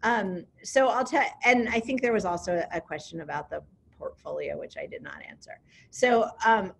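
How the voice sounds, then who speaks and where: Gravelly-voiced woman presenting casually. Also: medium pitch. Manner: upbeat, conversational, frequent ums. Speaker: program director. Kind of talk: online information session.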